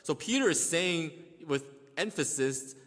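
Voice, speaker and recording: A man's voice: fairly high pitch, animated, measured pace, a bit bright. A man preaching a sermon, explaining scripture step by step, often restarting words and acting out the quotes he reads. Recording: long hall reverb.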